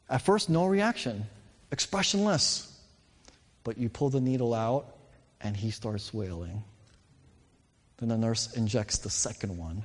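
A man's voice: mid-range voice, a little mellow. A man in his thirties giving a sermon as a pastor, telling a story earnestly and with emphasis. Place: church. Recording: reverberant hall.

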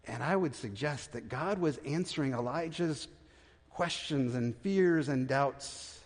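A man preaching a sermon as pastor, conversational, with restarts, and dropping to a hushed voice for tender points. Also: medium pitch, measured pace. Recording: reverberant church hall.

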